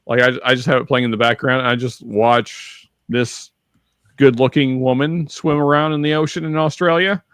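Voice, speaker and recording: A man co-hosting a podcast in casual chat, rambling and halting with many restarts, reading viewer chat aloud. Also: medium pitch, steady tone, fairly bright tone, smooth, dry recording. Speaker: podcast co-host.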